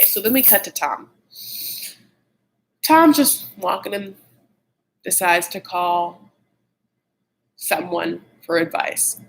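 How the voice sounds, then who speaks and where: A man's voice: pushed and bright, rough recording. Catty man dishing gossip. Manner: catty, blunt and opinionated, heavy use of "like"; shifts pitch often when worked up. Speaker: TV show recap host. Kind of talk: casual gossipy live-chat recap.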